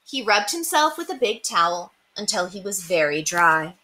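A woman teacher reading a children's picture book aloud with slow, expressive storytelling. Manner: slow, expressive storytelling with big pitch swings. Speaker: elementary school teacher.

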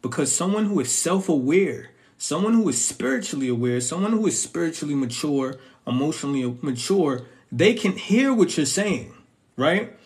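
A man's voice: fairly high pitch, expressive, normal speed. A young man giving casual relationship advice straight to his viewers, emphatic and full of slang asides.

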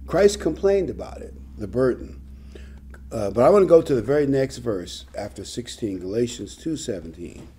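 A man's voice: medium pitch, expressive, normal speed, mellow, husky. An older man preaching a sermon, reading scripture and adding conversational, humorous asides. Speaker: pastor.

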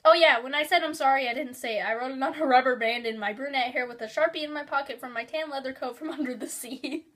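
A woman's voice: high voice, fast talker, few pauses, a bit bright. A young woman vlogger reading her childhood story aloud, giggling and breaking into sudden exaggerated outbursts.

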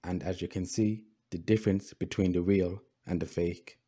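A man's voice: sits low, fairly even intonation, moderate pace, dark tone. A man hosting a history video, narrating over images in a preachy tone, calling listeners brothers and often repeating himself with fillers. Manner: repeats words, frequent fillers and restarts.

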